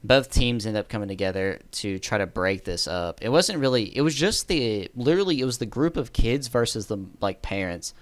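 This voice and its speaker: Give me a man casually telling a story, rambling and self-correcting, in a smooth, clear voice. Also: on the low side, expressive, moderate pace, few pauses, no echo. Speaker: storyteller vlogger.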